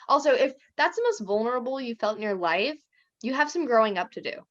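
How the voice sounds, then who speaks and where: A young woman co-hosting a podcast in casual chat, animated and often mimicking the people she quotes. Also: on the high side, fairly quick. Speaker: podcast co-host. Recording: dull lo-fi sound.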